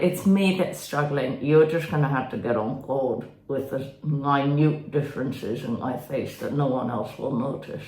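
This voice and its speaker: A woman's voice: very deep voice, unhurried, hardly any pauses. Teasing woman hosting a puppet podcast. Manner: coaxing, gently teasing, chatty. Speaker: ventriloquist podcast host. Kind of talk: comic podcast chat with her puppet. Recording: echoey room.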